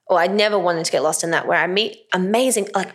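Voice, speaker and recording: A woman with a slightly low-pitched voice chats casually as an interview guest. She is lively and playful and laughs often while she talks about making films. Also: quick pace. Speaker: podcast guest, actor and filmmaker.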